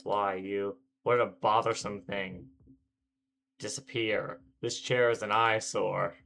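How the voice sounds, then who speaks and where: A man's voice: on the low side, level tone, slow, gravelly, fairly bright tone, a little hiss or hum, heavily acted. A man reading as Shiki, an irritable teenage boy. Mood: annoyed. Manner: brooding first-person reading, grumbling. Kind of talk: reading a visual novel aloud.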